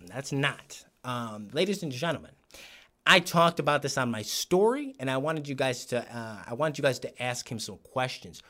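A man hosting a podcast, telling a story in casual chat, animated and laughing often, acting out the voices of people he quotes. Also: mid-range voice, moderate pace. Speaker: podcast host. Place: podcast studio.

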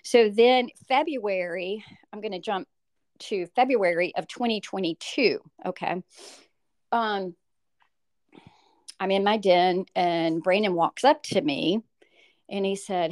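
A middle-aged mother, a guest, recounting a hard personal story, halting with fillers and acting out what people said. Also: mid-range voice. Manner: animated, acts out quoted voices, halting with fillers.

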